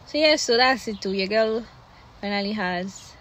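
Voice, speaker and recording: A woman's voice: mid-range voice, lively intonation, normal speed, a bit bright, slight background noise. Chatty Nigerian woman vlogging outdoors. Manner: chatty, laughs often, fillers and restarts. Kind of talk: casual vlog chat. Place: outdoors in cold weather.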